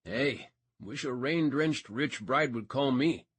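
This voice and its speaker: A man's voice: medium pitch, animated, takes it slowly, fairly bright tone, husky, no echo, heavily acted. A male narrator voicing a grinning, wisecracking deputy who jokes with his friend at the office. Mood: joking.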